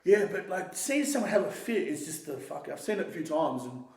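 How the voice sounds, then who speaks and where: A man's voice: high voice, expressive, fairly quick, gravelly, darkish tone, echoey room. A young man in a casual street interview, telling stories in a rambling way, swearing freely and often restarting his sentences.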